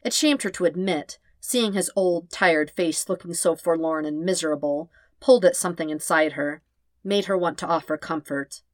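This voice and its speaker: A woman narrating a story in a calm, steady voice, pitched a little low. The sound is dry and close, with no room around it. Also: normal speed, no echo. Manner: calm, steady, even reading. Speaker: podfic reader. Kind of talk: scripted narration.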